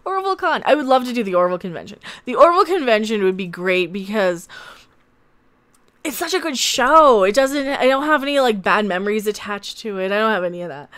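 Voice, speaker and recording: A woman's voice: medium pitch, lively intonation, fairly quick, a bit bright, clean tone. A woman hosting a live stream, chatting casually with her viewers in a rambling, candid way and swearing freely.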